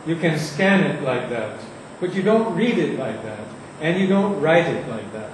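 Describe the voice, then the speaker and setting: A man teaching how to read verse aloud, reciting lines slowly and with heavy emphasis, recorded from far off in an echoey room. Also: on the high side, big pitch swings, a little hiss or hum. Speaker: poetry teacher. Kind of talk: lecture on reading verse aloud.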